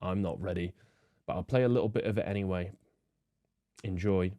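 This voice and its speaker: A man's voice: sits low, a little fast, dark tone, no echo. A man hosting, giving disdainful political commentary with many fillers. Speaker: host.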